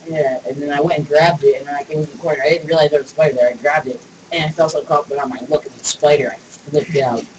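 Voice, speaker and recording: High-ish guy, distant noisy mic. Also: fairly even intonation, quick pace, lo-fi sound, a loud crowd. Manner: joking, profane banter. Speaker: gamer. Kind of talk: casual gaming chat. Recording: distant mic with room noise.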